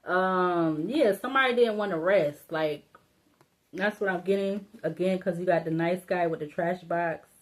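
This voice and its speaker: Low-pitched woman as a chatty tarot reader, mumbling through the cards and swearing casually. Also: normal speed. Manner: rambling, thinking aloud, laughing to herself; blunt and informal, cursing casually. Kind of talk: casual solo tarot reading.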